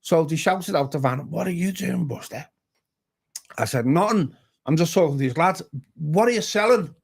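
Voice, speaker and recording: In a pub bar, a pastor from the Liverpool area of England tells a casual story as a guest, his voice fairly high, creaky and husky at a moderate pace. He's animated, acting out every voice he quotes.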